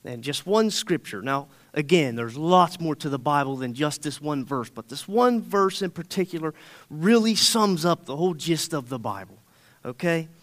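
A man's voice: fairly high pitch, lively intonation, moderate pace, a bit bright. A man in his thirties preaching a sermon, folksy and conversational, often checking in with the congregation. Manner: folksy, storytelling, often asks okay?.

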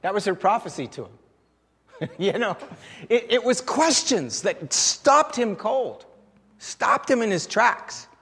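A man's voice: sits high, very animated, slow, fairly bright tone, husky, long reverb tail. A man preaching a sermon in a conversational way, putting rhetorical questions to the congregation. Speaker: pastor.

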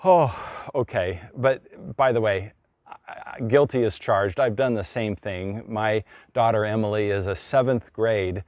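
A man's voice: fairly low pitch, measured pace, darkish tone, no echo. A middle-aged man, a pastor, preaching a conversational sermon and acting out the people he quotes.

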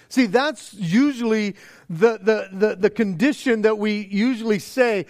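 Speaking in a high, slightly mellow voice, this pastor preaches unhurriedly in a casual, earnest way. He stumbles and restarts at times and frequently performs the voices of the people he's quoting.

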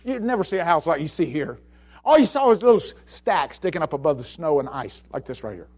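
A man preaching a sermon, telling a story with stammered restarts and swinging between hushed lines and shouts. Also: fairly high pitch, very animated, brisk.

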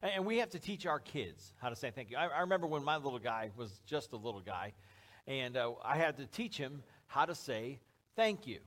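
A man's voice: mid-range voice, big pitch swings, a little fast, fairly bright tone. A man preaching a sermon to a church congregation, speaking in a conversational, joking way. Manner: conversational, joking, acts out little scenes. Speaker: pastor. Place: church service before a live congregation.

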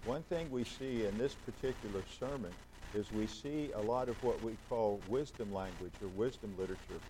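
Low, mellow-voiced man preaching. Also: moderate pace, slight background noise, rough recording. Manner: conversational, asks the congregation questions. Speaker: pastor. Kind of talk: sermon.

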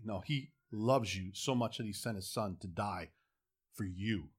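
A middle-aged man preaching a sermon, moving between quiet, close asides and loud, emphatic calls to the congregation. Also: on the low side, unhurried, breathy edge.

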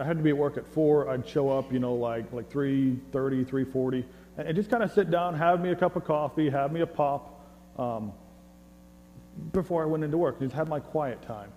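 With a warm, mid-range voice, this American preacher delivers his sermon in a joking, conversational manner, frequently stammering over repeated words. Long hall reverb and a faint mains hum color the audio.

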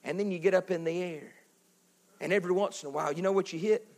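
High-pitched guy preaching, animated, gets loud then drops way down quiet. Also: quick pace. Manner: animated, swings from loud to hushed, acts out voices. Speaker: pastor. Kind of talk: sermon.

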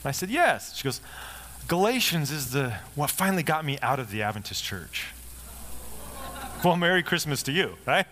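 A middle-aged male pastor in a sermon, telling a personal story in a relaxed, conversational way, acting out the lines of the people in it. His voice sits at an ordinary pitch, with a faint room ambience behind him. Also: brisk, slight background noise. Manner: conversational storytelling, lively quoted dialogue.

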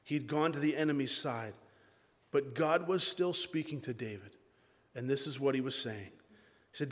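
A man's voice: medium pitch, moderate pace. A man preaching a sermon as pastor, emphatic and repeating key phrases. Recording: long hall reverb.

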